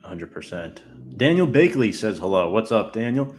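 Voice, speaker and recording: A man's voice: fairly low pitch, sing-song, normal speed, slight background noise. A man hosting a casual podcast, reading out viewer comments and giving firm opinions. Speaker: podcast host.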